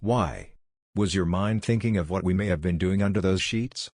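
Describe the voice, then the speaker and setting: A man's voice: low-pitched, moderate pace, darkish tone, no echo, studio quality. A man voicing a cocky, teasing young male ninja in a fanfiction reading.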